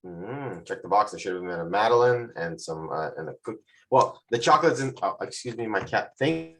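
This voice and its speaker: A man hosts a tasting group on a video call. His voice sits low, and his casual chat is full of playful jokes and asides. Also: animated, a little fast, fairly bright tone, poor audio. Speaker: host of a virtual tasting group.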